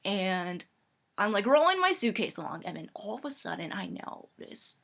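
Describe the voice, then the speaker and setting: A woman's voice: medium pitch, normal speed, vocal fry. A woman telling a comedic story in a chatty way, full of fillers. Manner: animated, chatty, many fillers like "like".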